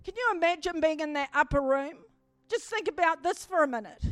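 A woman preacher telling a story in a sermon, building to emphatic, forceful swells as she preaches. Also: high-pitched, expressive, a little fast, no room sound, faint music behind.

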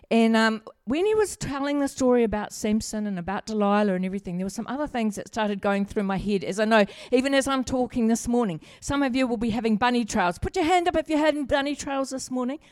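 A middle-aged woman preaches in a chatty, humorous way, stopping to ask the congregation questions. Her voice sits a little high. The sound is dry, with little room echo. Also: darkish tone. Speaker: pastor. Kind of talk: sermon with personal stories.

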